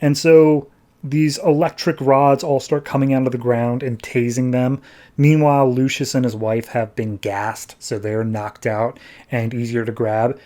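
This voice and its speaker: Breezy sarcastic podcast host with a mellow voice. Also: male voice, mid-range voice, flat delivery. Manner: breezy and sarcastic, slips into quick character voices. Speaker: podcast host, comics reviewer. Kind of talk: casual comic-book recap.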